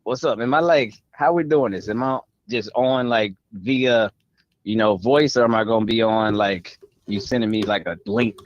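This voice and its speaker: A man joining a casual podcast as a guest, speaking in a relaxed, polite way. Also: fairly low pitch, moderate pace, no echo, dull audio. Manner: relaxed, polite, a bit unsure at first. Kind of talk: casual conversation.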